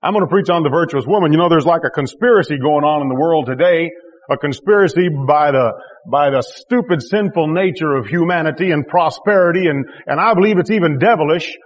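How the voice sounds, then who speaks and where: A man's voice: on the high side, a little fast, in a large hall. A man pastor preaching a sermon to his congregation, emphatic and repetitive, with joking asides. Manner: emphatic, repeats key phrases with rising intensity. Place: church.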